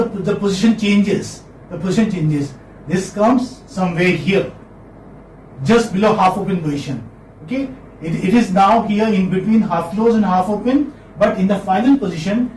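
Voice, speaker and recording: A high-pitched man teaches a phonetics class, recorded from a distance in an echoey room with slight background noise. Throughout the lecture he repeats key terms and encourages his students.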